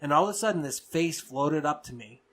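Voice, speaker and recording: A man co-hosting a casual podcast chat, telling his stories with energy and acting out his own shouts. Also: on the high side, a little fast. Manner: animated storyteller, acts out his own shouts. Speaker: podcast co-host.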